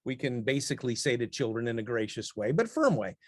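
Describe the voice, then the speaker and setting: A man teaching parents in a webinar chat who laughs easily and quotes parents in a brisk voice. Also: mid-range voice, big pitch swings, dry recording, studio quality.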